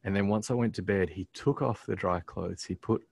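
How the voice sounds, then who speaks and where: A man casually telling a personal story on a podcast, halting with many ums and restarts, earnest as he reflects on his faith. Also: low voice, creaky, a little mellow, husky.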